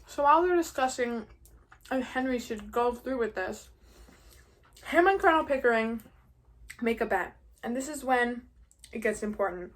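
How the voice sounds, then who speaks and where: Chatty high-voiced 18-year-old woman. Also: lively intonation, normal speed, long pauses. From New York. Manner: chatty, rambling, heavy on "like". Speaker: vlogger. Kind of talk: casual chat recapping a musical while eating.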